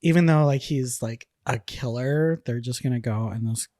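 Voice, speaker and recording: Young woman, podcast co-host, casual chat, dry close sound, very low voice. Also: normal speed, warm tone, no room sound. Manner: laughs often, jokey asides. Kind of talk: casual film review chat.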